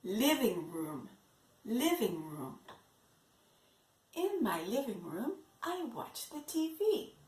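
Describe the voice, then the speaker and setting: A woman teaching English to young children in an online lesson, slowly repeating words for them to copy. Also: fairly high pitch, big pitch swings, a little mellow. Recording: echoey room.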